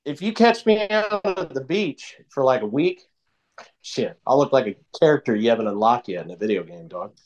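A man co-hosting a podcast, chatting casually and telling profane, animated jokes. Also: medium pitch, normal speed, rough recording. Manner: animated, profane joking storyteller. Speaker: podcast co-host.

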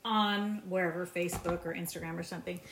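A young woman co-hosting a casual recap podcast from her kitchen, chatting with wry jokes and quick asides. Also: fairly low pitch, fairly even intonation, a bit bright, slight background noise. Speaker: podcast co-host. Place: home kitchen while cooking.

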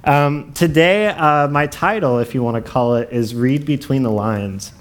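A man's voice: medium pitch, unhurried. Male preacher, mid-range voice, casual sermon delivery, laughs at his own jokes.

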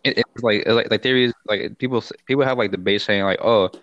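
A young man in a casual chat who talks haltingly, with many restarts and fillers, and laughs often. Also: fairly low pitch, steady tone, fairly bright tone, dull audio.

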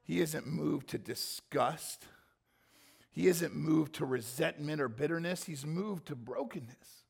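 A man preaching a sermon, swinging from quiet reflection to impassioned, near-shouted emphasis. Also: on the high side, animated, measured pace, vocal fry, husky. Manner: impassioned, rising to near-shouting when voicing scripture. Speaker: pastor.

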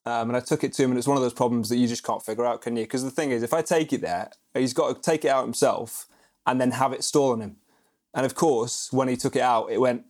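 A man's voice: mid-range voice, steady tone, quick pace, darkish tone. A man co-hosting a podcast, telling stories in a chatty, self-mocking way and laughing often. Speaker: podcast co-host. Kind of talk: casual podcast chat.

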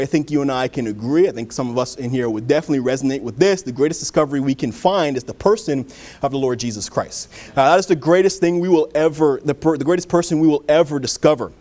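A man's voice: fairly high pitch, a little mellow. A male pastor preaching a sermon in a church, telling folksy stories with many fillers.

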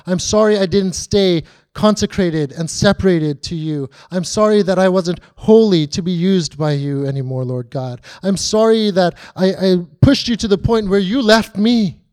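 A man's voice: high-pitched, normal speed, few pauses, a little mellow, no room sound, clean studio sound, lightly acted. A man voicing a broken, repentant male prisoner praying aloud to God in pleading words. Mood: remorseful. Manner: pleading prayer.

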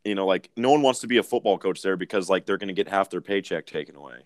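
A young man from Idaho chats loosely on a podcast, swearing and chuckling along as he talks. His voice sits low, and the sound is close and dry, with no room around it. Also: quick pace, dry recording. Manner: loose, swearing, laughs at his own jokes. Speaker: podcast co-host. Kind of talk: casual chat.

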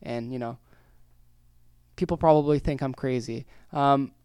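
Hoarse, upbeat podcast host, man. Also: mid-range voice, a little slow, no echo, clean studio sound. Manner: energetic, rambling, jokey. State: voice worn out and hoarse. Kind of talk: casual solo podcast monologue.

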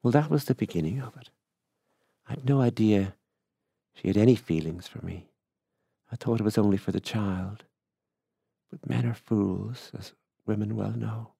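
A man's voice: on the low side, normal speed, gravelly, pauses often, mellow, slightly rough, dry recording, studio quality. A man reading as a middle-aged rural widower who confides his story in a plain, musing way.

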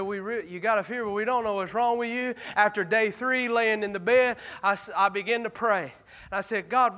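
Male revival preacher, bright ringing tone, folksy storyteller who builds to shouting. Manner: folksy storytelling, swinging from low murmurs to shouted exhortation. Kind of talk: revival sermon.

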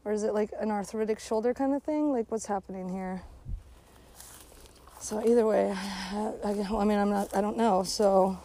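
A woman's voice: mid-range voice, steady tone, moderate pace, dark tone, rough recording. A woman delivering a blunt, sarcastic, profanity-heavy casual rant while out on a hike by a lake. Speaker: vlogger. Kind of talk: casual ranting monologue.

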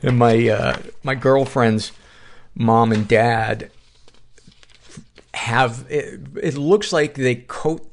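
A man's voice: medium pitch, extremely slow, long pauses. A middle-aged man hosting a podcast, reading listener submissions aloud and adding wry asides between them. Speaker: podcast host.

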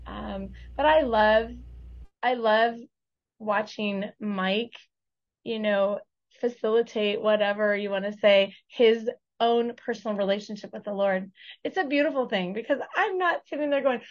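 A woman's voice: a little high, a little slow, muffled recording. A woman speaking as a podcast guest, gushing and laughing easily in casual conversation.

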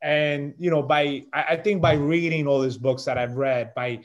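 A middle-aged man, a podcast guest and chef, telling a story in a loose, animated way and peppering his talk with "bro" and "man". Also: on the high side, moderate pace, lo-fi sound. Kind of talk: casual storytelling chat.

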